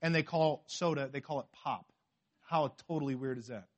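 A man from the western United States preaching a sermon in a lively, conversational way, acting out quotes and often restarting his sentences. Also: mid-range voice, moderate pace, dull audio. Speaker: pastor.

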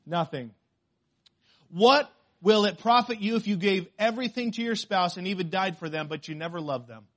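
A man preaching a sermon, repeating key lines and asking the congregation questions, moving between loud emphasis and hushed asides. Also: sits high, moderate pace. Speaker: pastor.

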